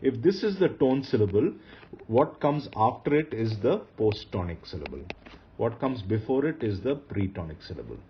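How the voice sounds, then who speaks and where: A man's voice: mid-range voice, very animated, moderate pace, slight background noise. A man teaching Hebrew grammar in a recorded lecture, patiently repeating key rules and asking his listeners rhetorical questions. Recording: dull lo-fi recording.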